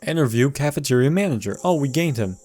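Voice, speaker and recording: A man's voice: medium pitch, expressive, fast, darkish tone. A man casually commenting on a video game walkthrough, reading the game's text aloud and adding dry jokes.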